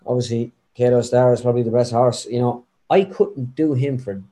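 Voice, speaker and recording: A guest impressionist, young and from Ireland, chats through a casual interview in a Midlands accent. He speaks at medium pitch and a moderate pace, animated and prone to rambling.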